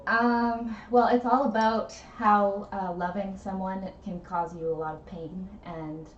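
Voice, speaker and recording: A woman co-hosting a casual talk stream, relaxed and quick to laugh. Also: mid-range voice, a little hiss or hum. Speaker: co-host. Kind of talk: casual chat. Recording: distant, roomy, muffled mic.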